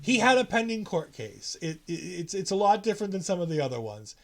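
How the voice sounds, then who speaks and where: This high-pitched, creaky-voiced man speaks fairly quickly as he co-hosts a wrestling podcast. He chats casually while recapping a show, animated and acting out quotes with many restarts.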